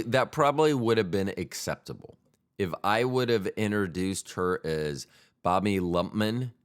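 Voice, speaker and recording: A man with a very low voice hosts a solo podcast in a casual comic monologue. He talks slowly and rambles, poking fun at himself with crude jokes. His pitch swings widely from phrase to phrase. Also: clear, resonant tone. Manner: rambling, self-deprecating, crude humor. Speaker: podcast host.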